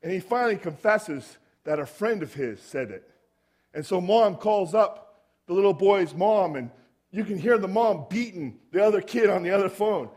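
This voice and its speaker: High-voiced man preaching a chatty sermon. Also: expressive, normal speed, darkish tone. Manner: storytelling, asks the audience rhetorical questions. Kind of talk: conversational sermon.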